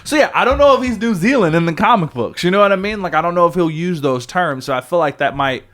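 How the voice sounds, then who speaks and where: A man co-hosting a podcast in loose, casual chat. His pitch jumps around as he talks, and he swears now and then while he works out his thoughts aloud. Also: quick pace. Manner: animated, swearing, thinks aloud. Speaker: podcast co-host.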